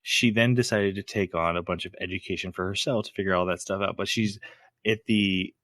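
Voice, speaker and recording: Lowish-voiced man recapping with laughs. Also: brisk, dry recording. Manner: animated storytelling, laughs often while retelling scenes. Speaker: podcast co-host. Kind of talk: casual chat recapping an anime episode.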